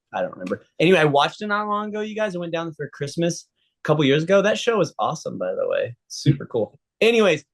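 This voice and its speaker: A man, a stuntman guest, telling a long story in a casual interview and acting out the people in it. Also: fairly high pitch. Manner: animated storyteller, acts out quoted people.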